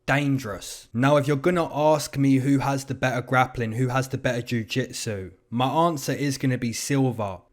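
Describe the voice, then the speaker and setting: A man's voice: mid-range voice, steady tone, normal speed, few pauses. A young man hosting his own show, giving casual, slangy fight predictions and betting numbers. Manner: chatty, slangy, hedging with "you know" and "man". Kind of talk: casual commentary.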